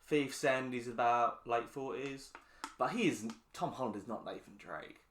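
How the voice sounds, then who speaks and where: Deadpan man, echoey. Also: medium pitch, normal speed. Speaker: podcast co-host. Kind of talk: casual chat. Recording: roomy echo.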